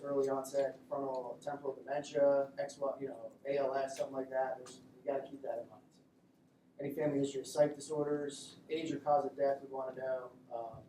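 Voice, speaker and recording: A man teaching a classroom lecture in a joking, conversational way, acting out quick exchanges with patients. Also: medium pitch, darkish tone, distant mic, a little hiss or hum. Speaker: instructor. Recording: echoey classroom recorded from afar.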